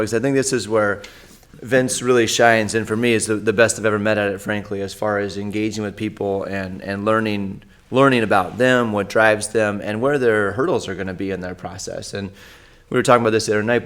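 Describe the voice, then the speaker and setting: A man's voice: lowish voice, steady tone, fast, a bit bright. A man who is a physical therapist hosts a casual interview and introduces his guest with enthusiasm. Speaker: podcast host, physical therapist.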